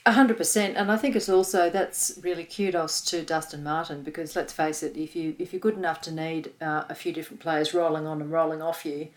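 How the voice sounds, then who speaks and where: A woman's voice: low voice, steady tone, brisk, few pauses. A woman with an Australian accent co-hosting a sports podcast, reading listener comments with enthusiasm. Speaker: podcast co-host. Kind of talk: casual sports chat.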